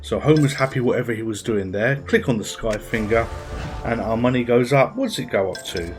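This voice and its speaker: A man's voice: mid-range voice, a little fast, music in the background. A man giving casual, chatty commentary as he plays a game at his PC, thinking aloud with little asides. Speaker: gaming channel host.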